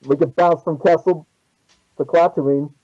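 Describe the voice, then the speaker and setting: A man with a slightly high voice talks through plans in a tabletop game. The recording is dry and a little dull. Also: fairly even intonation, unhurried, dark tone, dry recording. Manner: casual, thinking aloud about plans. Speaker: player. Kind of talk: casual tabletop play.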